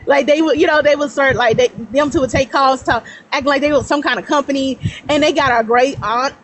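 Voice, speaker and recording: A lively woman in her thirties with a fairly high voice, telling stories in a loose, rambling way and breaking into laughter. Her delivery is casual and animated, with a faint hiss behind her. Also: brisk, poor audio. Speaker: guest. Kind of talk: casual storytelling on a livestream.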